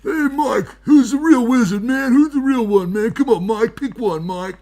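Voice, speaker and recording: A man's voice: very high-pitched, moderate pace, darkish tone. A man on a livestream playing a boastful, paranoid wizard who swears constantly, rambles and threatens people. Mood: pleading. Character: foul-mouthed, boastful, paranoid self-styled wizard man. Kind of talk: improvised comedy bit on a livestream.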